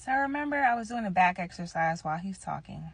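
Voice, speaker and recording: A woman's voice: mid-range voice, expressive, fast talker, slightly rough, dry recording. A woman in her thirties telling a personal story in a casual vlog. She talks bluntly and with emphasis, swears freely and speaks straight to her viewers. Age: 30s.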